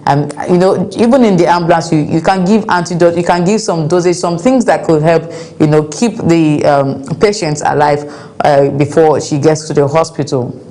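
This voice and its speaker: A woman talks through the day's stories with emphatic exasperation. Her voice sits low and mellow, and she circles back to hammer the same point. Her delivery is casual and conversational. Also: normal speed. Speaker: news commentary host. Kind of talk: casual commentary on news and viewer comments.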